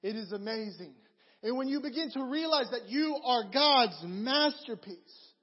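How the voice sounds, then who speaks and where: A man with a very high voice preaches a sermon, winding through animated stories and repeated phrases. The recording is dull, with a long reverb that fills the hall around him. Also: measured pace, husky. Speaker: pastor.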